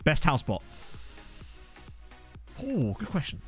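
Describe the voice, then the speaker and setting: A man's voice: fairly high pitch, huge pitch swings, slow, soft background music. A man doing live-stream commentary on a game, chatty and giggly, swearing freely into a desk microphone. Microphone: desk USB condenser mic.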